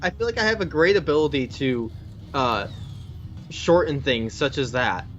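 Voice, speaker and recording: A man's voice: medium pitch, animated, moderate pace, fairly bright tone. A young man chatting casually while his friend plays a video game, rambling with restarts and self-corrections. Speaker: co-host of a gameplay channel. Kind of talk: casual chat. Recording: slightly dull lo-fi mic with game music. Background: faint game music.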